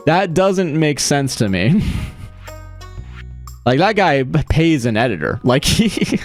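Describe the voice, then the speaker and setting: A man's voice: a little high, big pitch swings, slow pace, pauses often, faint music behind. Rambling, swearing streamer guy. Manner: rambling, profane, laughs often. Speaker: livestreamer. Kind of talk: casual chat while streaming a game.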